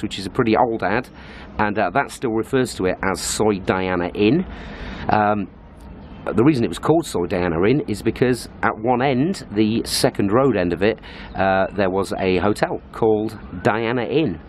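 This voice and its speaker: A man's voice: lowish voice, slight background noise. A British man talking casually to camera in a travel vlog, explaining things in a chatty way with lots of "uh" fillers. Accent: British English. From Britain. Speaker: travel vlogger. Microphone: handheld compact camera.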